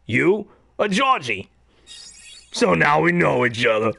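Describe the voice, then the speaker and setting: A man's voice: fairly high pitch, big pitch swings, slow pace, vocal fry, sharp tone, slightly rough, voice pushed up, exaggerated voice. A man voicing a sinister, playful male clown monster with a teasing drawl. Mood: menacing.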